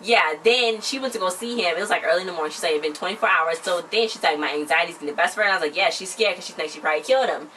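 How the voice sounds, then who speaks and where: A fast-talking woman, recapping a reality show in casual chat and acting out the lines of the people in it. Her voice is bright, and she sits a little back from the mic, with a faint hiss behind her. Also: lowish voice. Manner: retells scenes by acting out quotes. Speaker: co-host of a TV recap channel. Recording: distant mic with faint background noise.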